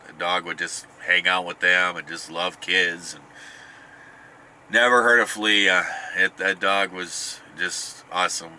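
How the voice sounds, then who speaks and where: A man's voice: sits low, steady tone, a little slow, sharp tone, a little hiss or hum. A middle-aged man casually telling a rambling family story, often restarting and chuckling. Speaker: podcast host.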